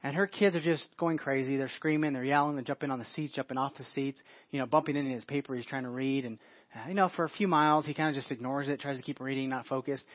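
Fast-talking preacher with a dull, dry sound. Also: male voice, mid-range voice, steady tone, no room sound. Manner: informal, restarts phrases, asks the listeners questions. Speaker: pastor. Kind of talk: conversational sermon.

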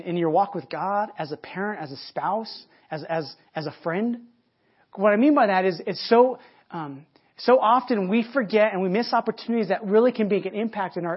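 A man's voice: high-pitched, breathy edge, dull audio. A man preaching a sermon, telling a story in a conversational way with many restarts and repeated words.

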